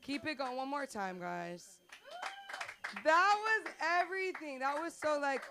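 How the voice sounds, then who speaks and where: A woman emceeing a comedy open mic with gushing enthusiasm. Her voice sits fairly high, and faint noise runs behind her. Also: big pitch swings, unhurried. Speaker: host. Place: comedy club stage.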